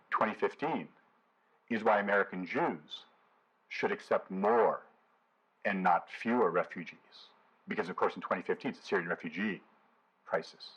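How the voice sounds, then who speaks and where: A man's voice: lowish voice, a bit bright, slightly rough, lo-fi sound. A man lecturing to a community audience as a professor, in a conversational way, with frequent "you know" and hesitant fillers.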